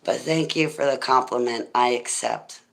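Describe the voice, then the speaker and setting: A middle-aged woman with a deep, smoky voice, hosting a rambling, goofy livestream chat and thanking viewers as she goes. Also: moderate pace, creaky. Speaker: livestream host.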